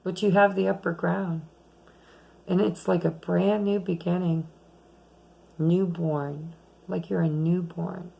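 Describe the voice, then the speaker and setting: Gravelly-voiced woman giving a tarot reading. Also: fairly low pitch, little pitch movement, slow pace, pauses often, highs cut off. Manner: chatty, rambling, talks softly at times. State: losing her voice. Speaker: tarot reader. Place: home late at night.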